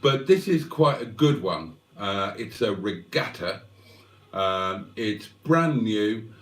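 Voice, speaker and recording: Bloke rambling on a livestream, self-mocking, keeps clearing his throat, mic a bit far off. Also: fairly low pitch, lively intonation, takes it slowly. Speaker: livestream host. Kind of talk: rambling casual chat to viewers. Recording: roomy sound, mic at a distance.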